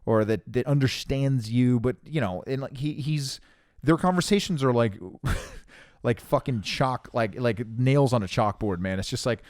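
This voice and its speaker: Young male podcast co-host, casual rambler, swears freely; average pitch, dry close-mic sound. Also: a little slow, a little mellow, no room sound. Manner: rambling storytelling, swears a lot, many restarts. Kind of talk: casual chat.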